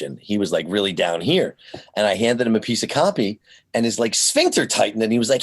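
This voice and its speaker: A man who works in voiceover, chatting as a guest over a remote call, animated, swearing now and then, and slipping into voices. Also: lowish voice, fast talker. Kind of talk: casual chat. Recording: unstable video call audio.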